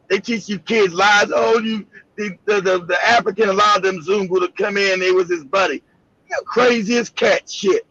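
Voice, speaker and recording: Gravelly ranting man, high voice. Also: a bit bright, no echo, muffled recording. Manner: profane, emphatic, ranting with repetition. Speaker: livestream host. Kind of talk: heated commentary.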